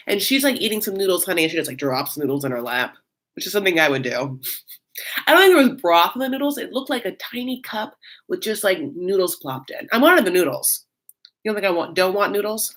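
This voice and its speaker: A woman's voice: on the low side, big pitch swings, fairly quick, fairly bright tone. A woman hosting a live reaction recap of a reality show, chatting in a gossipy, casual way, greeting viewers by name and calling them honey. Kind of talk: casual live-stream chat.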